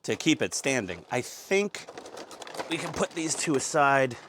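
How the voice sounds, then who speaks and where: A man's voice: medium pitch, sing-song, measured pace, background noise. Jokey man hosting a model build. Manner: jokey, self-mocking, rambling. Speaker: host. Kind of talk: casual hobby build vlog. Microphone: lapel mic.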